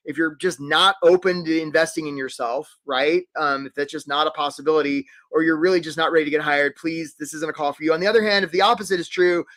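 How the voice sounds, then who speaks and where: A man coaching job seekers in a live online workshop, talking quickly and energetically and speaking straight to his attendees. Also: a little high. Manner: energetic, talks fast, addresses attendees directly. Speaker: career coach hosting a webinar.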